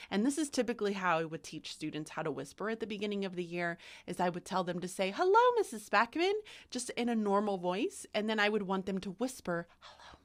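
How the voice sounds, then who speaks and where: A young adult woman teaching phonics to camera, speaking carefully and sounding out letters as she demonstrates. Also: mid-range voice. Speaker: literacy teacher.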